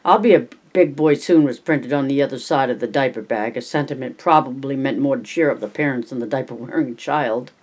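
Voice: mid-range voice, a little fast, hardly any pauses. An amateur reader narrating a novel at home, unpolished, with slips and restarts. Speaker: audiobook reader. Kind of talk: casual audiobook reading.

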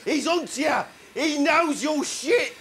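A man voicing a foul-mouthed male baboon puppet who shouts crude insults in streetwise slang. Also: very high-pitched, lively intonation, slow pace, slight background noise, exaggerated voice. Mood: abusive.

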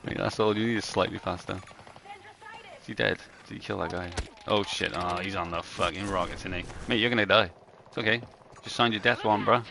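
Gravelly, low-voiced gaming streamer. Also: male voice, steady tone, fairly quick. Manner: profane, bantering with teammate. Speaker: live game streamer. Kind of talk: casual gaming commentary. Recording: gameplay noise behind.

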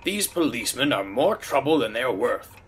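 A man's voice: medium pitch, sing-song, normal speed, very noisy, natural voice. Man playing a railway director, blustery, indignant, formal, storybook voice.

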